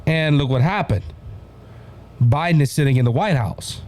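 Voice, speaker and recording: A man with a Cajun accent from Louisiana hosts a political commentary show. His voice sits high for a man, and he talks in an animated, chatty way, calling out to "ladies and gentlemen" as he goes. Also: moderate pace. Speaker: host.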